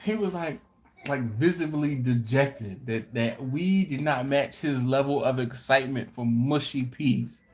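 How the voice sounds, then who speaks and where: On a live-stream Q&A for his barbecue channel, a man with a medium, slightly mellow voice tells stories at a leisurely pace. He laughs along the way and acts out what people said.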